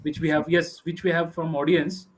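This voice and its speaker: A man, relaying audience questions to the panel in a measured way. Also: a little high, little pitch movement, a little hiss or hum.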